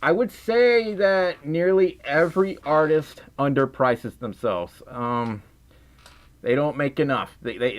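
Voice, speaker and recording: A man from Mississippi with a Southern accent, casually chatting on a livestream and reading out donations, tired, giggly and a little silly. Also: medium pitch. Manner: silly and giggly, often trails off and restarts. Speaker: livestream host.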